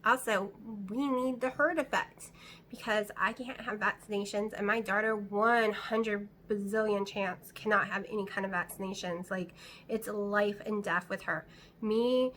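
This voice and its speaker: A woman's voice: mid-range voice, fairly bright tone, a little hiss or hum. A middle-aged woman vlogging from home, talking in a rambling, anxious, chatty way. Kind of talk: casual chat to camera. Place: at home, indoors.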